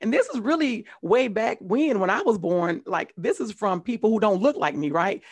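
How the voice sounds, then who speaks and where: Brief: fiftyish woman host, mid-pitched, emphatic and chatty. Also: expressive, moderate pace, darkish tone. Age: 50s. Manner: emphatic and personal, repeats "really and truly" and "right?". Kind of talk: casual interview chat.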